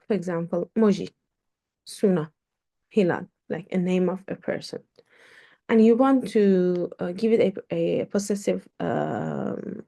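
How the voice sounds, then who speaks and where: A woman teaching a language lesson in English, explaining slowly with many fillers and repeated words. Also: fairly low pitch, creaky, dark tone. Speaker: Turkish teacher.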